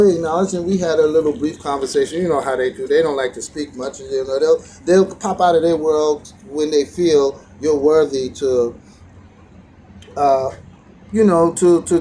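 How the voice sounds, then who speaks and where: A man with a somewhat high voice shares a rambling, reflective story with his viewers, circling back and restarting his sentences as he goes. He gets animated when he retells moments of being challenged. Quiet outdoor ambience hums faintly behind him. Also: slight background noise, rough recording. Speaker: vlogger sharing a daily teaching.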